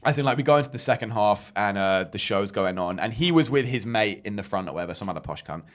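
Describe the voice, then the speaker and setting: A man's voice: fairly low pitch, expressive, fast talker. A man, a podcast co-host telling a rambling, swearing story in casual chat. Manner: rambling, swearing, acts out quoted dialogue.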